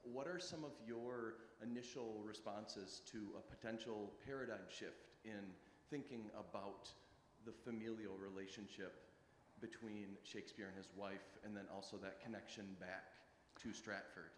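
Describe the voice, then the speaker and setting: A man poses a long, thoughtful question, speaking in a measured and reflective way. His low voice echoes around a roomy hall, with faint noise underneath. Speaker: interviewer asking a question.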